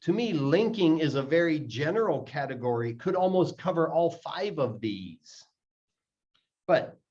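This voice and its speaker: Slow, patient man teaching pronunciation. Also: fairly high pitch, darkish tone. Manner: repeats words slowly to demonstrate sounds. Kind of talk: explaining lesson, slow and deliberate. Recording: dull lo-fi audio.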